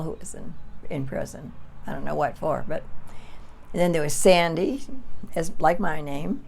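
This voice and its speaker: A woman's voice: low voice, creaky. A woman in her eighties reminiscing in a chatty, rambling way on her front porch for a vlog. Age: 80s. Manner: chatty, rambling, calls out names in a sing-song. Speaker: vlogger.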